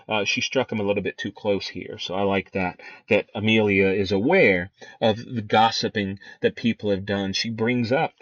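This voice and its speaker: Low-voiced man lecturing with fillers. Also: steady tone, normal speed, few pauses, no room sound. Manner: conversational, many fillers and restarts. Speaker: teacher. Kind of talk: lecture on a play, reading quotes aloud. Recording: dry, dull lo-fi recording.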